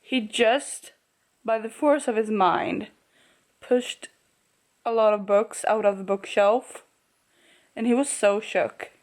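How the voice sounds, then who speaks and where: A woman records a casual reading vlog and talks through the story at an unhurried pace. Her pitch sits in an ordinary middle range. She gushes and laughs often, then sinks to a soft murmur. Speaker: book vlogger.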